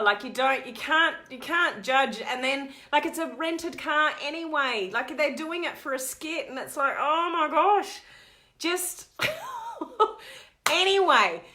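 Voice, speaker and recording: A woman coach talking live to her online community, telling a digressive story in an animated way. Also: on the high side. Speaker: network marketing coach. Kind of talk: live-stream chat to viewers.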